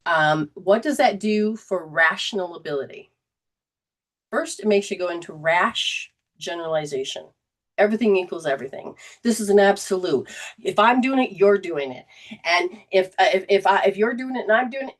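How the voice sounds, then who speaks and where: A woman's voice: mid-range voice, expressive, normal speed. A woman hosting a livestreamed spiritual talk as a metaphysical teacher, rambling and repeating herself and acting out the voices she quotes. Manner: rambling, repetitive phrasing, acts out quoted voices. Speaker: metaphysical teacher and show host.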